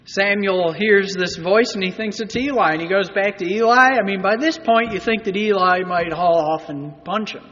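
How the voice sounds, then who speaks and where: A man preaches a sermon to his congregation in a high, sharp-edged voice. He talks conversationally and keeps asking the room rhetorical questions. The recording is muffled, and his voice carries a long reverb through a church sanctuary. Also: moderate pace, few pauses. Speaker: pastor.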